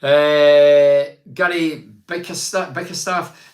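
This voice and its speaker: An older man from Teesside hosts a casual chat, reading viewer comments aloud. He talks in a blunt, opinionated, rambling way, in a voice pitched a little high for a man. The room around him sounds echoey. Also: a little fast, a bit bright.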